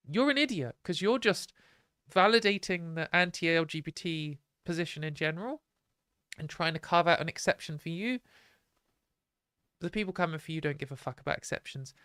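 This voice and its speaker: A British woman hosting a live stream, talking bluntly and opinionatedly in a casual ranting way, her voice a little hoarse. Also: fairly low pitch, lively intonation, normal speed, fairly bright tone, no echo, clean studio sound. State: hoarse from a fading voice.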